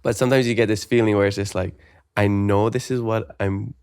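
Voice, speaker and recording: A man's voice: fairly low pitch, steady tone, a little fast, a little mellow, smooth, no echo, studio quality. A male podcast host talking casually and thoughtfully, often restarting his sentences. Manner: thoughtful, hesitant, with many restarts. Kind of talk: casual conversation.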